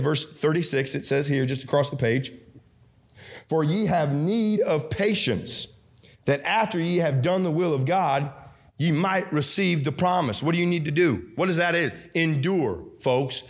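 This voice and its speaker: A young man preaching a sermon as pastor, fervent and repetitive, swinging between shouts and quiet drops. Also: a little high, a little slow. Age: young adult.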